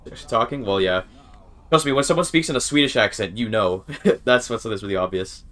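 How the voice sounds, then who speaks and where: Low-voiced male game streamer. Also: fairly quick, fairly bright tone. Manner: chatty, swears, restarts sentences when frustrated. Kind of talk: casual gaming livestream commentary.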